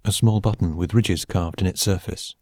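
Deep, dark-voiced male audiobook narrator. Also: steady tone, moderate pace, dry recording, studio quality. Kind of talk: scripted narration.

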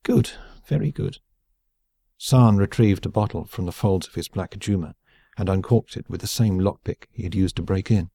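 A male audiobook narrator with a very low, dark voice. He reads steadily and evenly, close to the mic in a dead-dry room. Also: fairly even intonation, brisk, dry recording. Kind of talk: scripted narration.

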